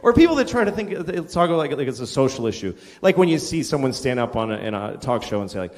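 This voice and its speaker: A man's voice: fairly high pitch, sing-song, brisk. A middle-aged male stand-up comedian ranting in a profane, exasperated way on stage before a live audience. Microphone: stage mic. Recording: live audience and room noise. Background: crowd laughter.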